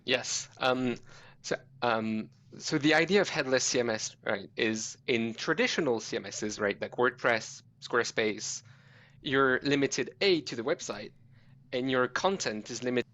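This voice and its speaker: A man from Europe with a slight British accent, explaining a tech concept fluently as a podcast guest, with quick self-corrections. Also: medium pitch, fairly bright tone.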